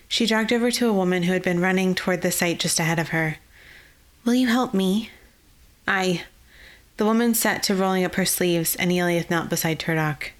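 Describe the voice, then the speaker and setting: A woman narrating a fantasy novel in a measured, even storytelling way. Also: on the low side. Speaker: audiobook narrator.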